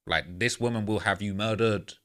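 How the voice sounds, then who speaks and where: A man's voice: lowish voice, normal speed, a bit bright. Scornful blunt man reacting. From California. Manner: blunt, scornful, swears a lot. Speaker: reaction commentator. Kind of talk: reaction commentary.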